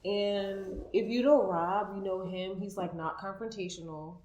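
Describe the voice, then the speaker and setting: A woman's voice: medium pitch, fairly even intonation, measured pace, a little mellow, muffled recording, a little hiss or hum. Emotional woman telling a personal story. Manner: emotional storytelling, many "like" fillers. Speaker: guest co-host. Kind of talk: casual podcast chat. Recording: echoey room.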